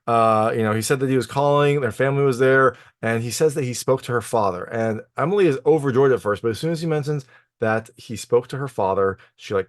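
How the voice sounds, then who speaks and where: A man's voice: mid-range voice, no echo, clean studio sound. Casual man recapping a film plot. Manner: retells the plot loosely with many fillers and acted-out quotes. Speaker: film reviewer.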